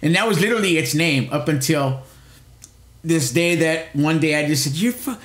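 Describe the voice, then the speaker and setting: A man's voice: fairly high pitch, normal speed, fairly bright tone, reverberant. Rambling middle-aged man telling a story. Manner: rambling storyteller, frequent restarts and swearing. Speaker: podcast co-host. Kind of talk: casual chat.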